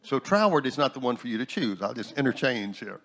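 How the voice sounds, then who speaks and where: A man, a New Thought minister and instructor, sharing a personal story in a relaxed panel talk with humorous asides. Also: mid-range voice, a little fast, vocal fry.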